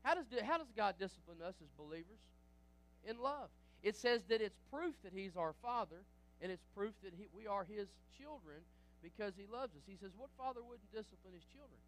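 A man preaching a sermon as pastor, lively, with frequent restarts and asides to the congregation. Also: sits high, brisk.

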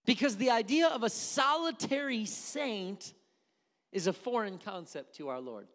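A man's voice: high-pitched, expressive, unhurried, fairly bright tone. A man from Wisconsin preaching a sermon as a pastor, emphatic and repeating key words for effect. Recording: long hall reverb.

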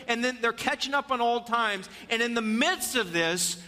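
A male pastor preaching a sermon, telling the story with lively animation and then easing into soft, earnest urging. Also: very high voice, brisk, few pauses. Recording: long reverb of a church hall.

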